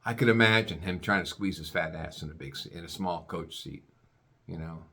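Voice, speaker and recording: A man's voice: deep voice, fairly quick, bright, forceful tone, husky. A man ranting in a rambling, crude comic way, stammering and restarting often.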